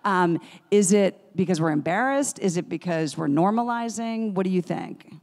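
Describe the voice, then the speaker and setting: Low, gravelly woman interviewer in a hall. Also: animated, normal speed, darkish tone. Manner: chatty, playful questioning. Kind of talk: onstage interview. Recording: long hall reverb.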